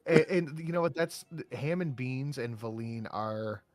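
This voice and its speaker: A man's voice: mid-range voice, measured pace, dry recording, faint music behind. A man co-hosting a livestream, talking casually and bluntly, with plenty of swearing. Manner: blunt, profane. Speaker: co-host.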